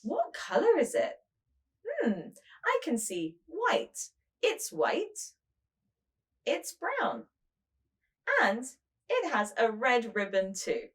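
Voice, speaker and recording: Her pitch swoops wildly and leans high as this woman, a preschool teacher, guides young children through show-and-tell. She talks slowly, with a sing-song lilt.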